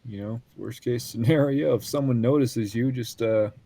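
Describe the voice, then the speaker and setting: A man playing a tabletop game over voice chat, quick and joking. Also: medium pitch, gravelly, warm tone, slight background noise. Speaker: player.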